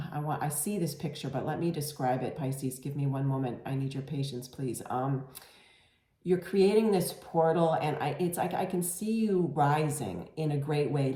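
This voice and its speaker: A woman's voice: deep voice, warm tone. A woman giving a casual, reassuring tarot reading to camera, with many fillers and restarts. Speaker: tarot reader. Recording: echoey room.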